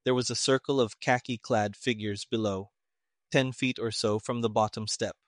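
A man narrating a mystery story in an even, measured reading. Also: medium pitch, dry recording, studio quality. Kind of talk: audiobook narration of a pulp mystery.

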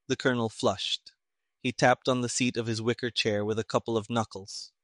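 Man narrating an audiobook, steady and dry. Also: medium pitch, normal speed, no room sound.

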